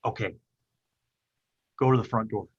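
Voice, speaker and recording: A man's voice: on the low side, moderate pace, slightly rough, lo-fi sound. A man voicing a scrawny, suspicious boy of about ten who asks nervous questions. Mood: wary.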